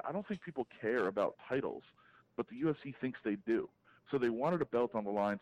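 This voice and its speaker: A man, a fight reporter calling in as a podcast guest, giving an animated, opinionated breakdown with frequent restarts. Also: fairly low pitch, poor audio. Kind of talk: casual podcast interview, calling in.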